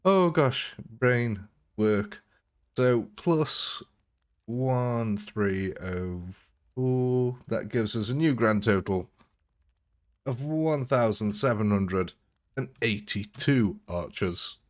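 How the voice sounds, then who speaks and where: Chatty gaming streamer. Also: male voice, medium pitch, lively intonation, extremely slow. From English Midlands. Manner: chatty, laughs often. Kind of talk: live gameplay commentary.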